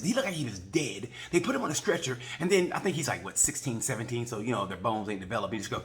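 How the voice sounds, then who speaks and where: A man giving a casual, rambling race recap, joking and acting out quick voices along the way. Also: medium pitch, expressive, a bit bright. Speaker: motorcycle racing video reviewer.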